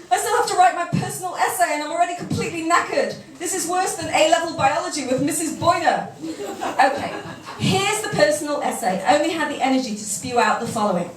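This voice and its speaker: A woman's voice: high voice, lively intonation, fairly quick. A British woman reading her own humorous first-person piece aloud at a live reading evening, with a wry, self-mocking comic delivery. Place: café event room. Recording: echoey room, mic far off, background noise.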